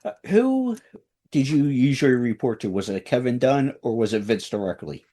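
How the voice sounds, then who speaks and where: A man's voice: mid-range voice, lively intonation, normal speed, dark tone, slight background noise. A man hosting a radio interview, asking short prompting questions. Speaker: radio show host.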